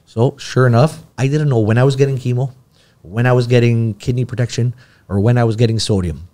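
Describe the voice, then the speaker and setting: A man's voice: mid-range voice, fairly even intonation, brisk, dark tone. A man, a podcast guest telling a long personal story in casual talk and acting out the dialogue.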